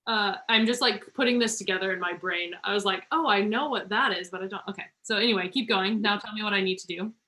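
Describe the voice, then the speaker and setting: Bright-voiced woman tutoring math. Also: mid-range voice, poor audio. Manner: encouraging, talks through steps slowly. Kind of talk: online tutoring session.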